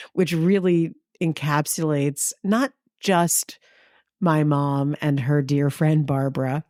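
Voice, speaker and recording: Low-voiced woman telling lively stories. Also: dry recording, studio quality. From New York. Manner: lively anecdotal, acts out quotes with big pitch jumps. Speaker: podcast co-host. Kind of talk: casual storytelling chat.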